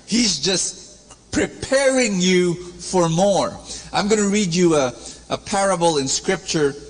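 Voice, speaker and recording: A man's voice: high voice, animated, slow. A man in his fifties with a Filipino accent, preaching an anecdote-filled sermon and coaxing the congregation to repeat his lines. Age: 50s. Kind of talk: sermon with call-and-response. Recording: long church reverb, faint music.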